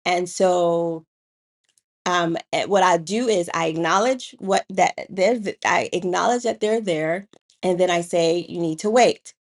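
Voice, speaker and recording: A woman with a lowish voice co-hosts a relaxed chat, telling stories from her classroom. She shifts from calm and measured to loud and animated when a point gets argued. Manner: storytelling, grows animated and loud when arguing. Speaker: co-host and educator. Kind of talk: casual podcast chat.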